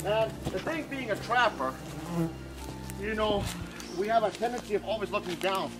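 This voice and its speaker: A fairly high-pitched young man from northern Canada tells a story outdoors in the woods. He talks casually and animatedly, shouting out his own lines as he tells them. Music plays beneath his voice. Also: normal speed, low-quality recording. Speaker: storyteller giving a tour. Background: music playing under the voice.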